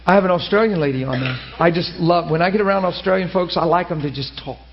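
Male pastor, high voice, animated storyteller, dull lo-fi sermon recording. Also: fast. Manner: animated storytelling, laughing, high excited asides.

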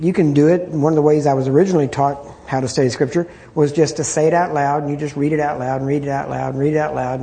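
A man leads an informal Bible study in a conversational way, repeating himself and often clearing his throat. His voice is a little high with a warm tone.

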